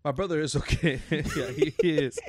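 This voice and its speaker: A man's voice: fairly high pitch, moderate pace, no echo. A man in a casual podcast chat who teases the others and swears freely.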